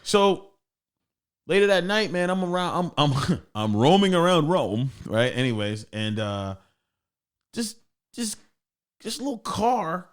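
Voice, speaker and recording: Male comic guest, slightly high voice, lively swooping delivery, profane storyteller. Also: a little slow, pauses often. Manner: animated, acts out voices in stories, profane. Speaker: comedian guest. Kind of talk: casual storytelling.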